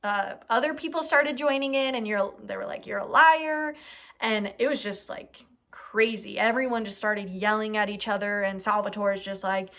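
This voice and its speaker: Young woman, mid-pitch, casual true crime storyteller, chatty with lots of fillers. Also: steady tone, a bit bright. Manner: chatty, many "like" fillers, quick asides.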